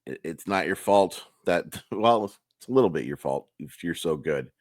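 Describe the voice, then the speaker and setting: Young male host, low raspy and hoarse, frank rambling sports recap, dry room. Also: animated, moderate pace, no echo. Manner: candid, frustrated, rambling with restarts. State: hoarse, losing his voice. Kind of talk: casual solo game recap. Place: home room, early morning.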